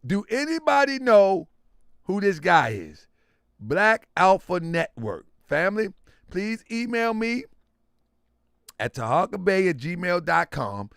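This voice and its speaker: A middle-aged man hosting a livestream and reading chat aloud, loud and teasing, laughing often. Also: sits high, sing-song, takes it slowly, vocal fry, smooth, no room sound, studio quality. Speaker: livestream host.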